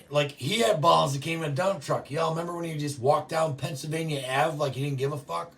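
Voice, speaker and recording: A man hosting a show, ranting profanely and yelling often, reacting to live chat. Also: fairly high pitch, a little fast, creaky, distant mic. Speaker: show host. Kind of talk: political rant to live chat.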